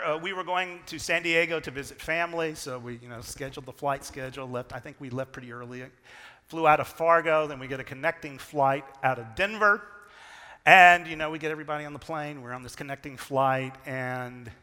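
A middle-aged man preaching a sermon, telling a story with big swings from loud to hushed. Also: on the high side. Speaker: pastor. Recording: long reverb of a large hall.

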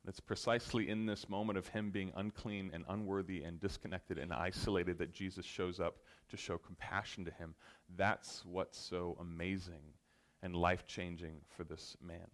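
A man preaching a sermon in an earnest manner, addressing the congregation directly, swelling to loud emphatic peaks and dropping to soft, slow lines. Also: low-pitched, level tone. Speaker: pastor.

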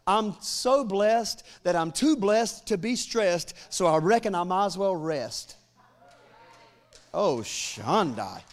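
A man in his forties preaching a sermon as pastor, joking with the congregation and building to loud, fervent declarations. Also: high-pitched, lively intonation, slow. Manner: humorous asides to the congregation.

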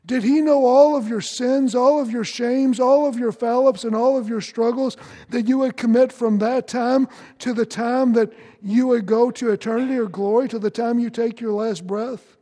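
High-voiced pastor preaching in a reverberant hall. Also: male voice, steady tone, normal speed, mellow. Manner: earnest, direct questions to the congregation. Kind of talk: sermon.

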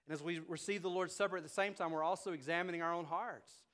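A male pastor preaching a sermon to his church, swinging from loud, emphatic climaxes down to quiet, intimate passages. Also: a little high, steady tone, fast talker. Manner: rises to loud emphatic preaching, then drops soft.

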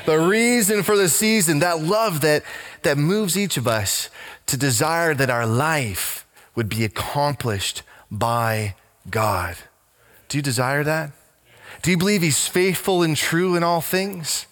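Man pastor, emphatic sermon, repeats key phrases, fairly high voice, long echoing reverb. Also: slow, fairly bright tone.

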